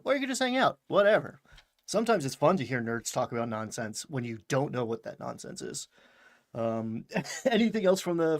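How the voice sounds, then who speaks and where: A man hosting a casual talk podcast, recapping an episode in a rambling, chatty way and laughing often. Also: mid-range voice. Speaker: podcast host recapping a show. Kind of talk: casual chat.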